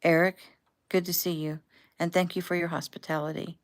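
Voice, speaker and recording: A woman reading the lines of a kind, gracious older man, gentle and formal. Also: on the low side, level tone, fairly quick, natural voice.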